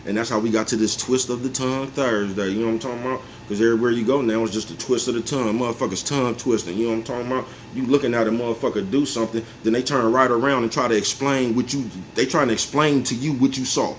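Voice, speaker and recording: A forty-something vlogger talks fast with few pauses, his mid-range voice holding a steady tone. He addresses viewers in a casual, rambling monologue, laughing to himself and repeatedly asking "you know what I'm talking about" to see if they follow. Faint background noise runs underneath.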